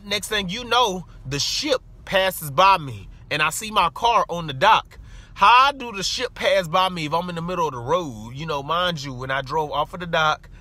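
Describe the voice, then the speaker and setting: A man telling an animated story from his car in a casual vlog, breaking off to talk back at other drivers and acting out the people he quotes. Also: fairly high pitch. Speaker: vlogger. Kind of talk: casual storytelling while driving.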